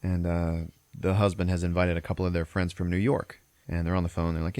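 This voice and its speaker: A man's voice: low voice, flat delivery, fairly quick, darkish tone, clean tone, dry recording. A man hosting a podcast, retelling a film plot in a loose, profane, rambling way. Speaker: podcast host. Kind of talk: casual film recap.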